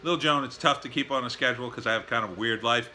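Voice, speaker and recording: A man's voice: mid-range voice, very fast, sharp tone, a little hiss or hum. A man in a casual vlog, telling a rambling story full of fillers and weary asides. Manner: rambling, with many fillers and tired sighing asides. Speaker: vlogger. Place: at home, backyard and indoors.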